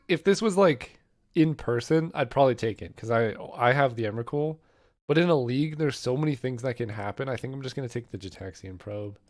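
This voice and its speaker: Man, hoarse, losing his voice, casual commentary, rambling, thinking out loud. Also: medium pitch. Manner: rambling, weighs options aloud. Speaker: card game content creator.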